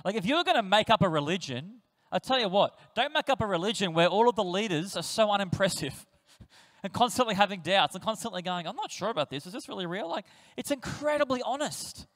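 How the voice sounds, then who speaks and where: Aussie pastor guy preaching, high-ish voice, acts out bible characters, big echoey church. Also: brisk. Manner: animated storytelling, acts out quoted voices. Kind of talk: sermon. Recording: reverberant church hall.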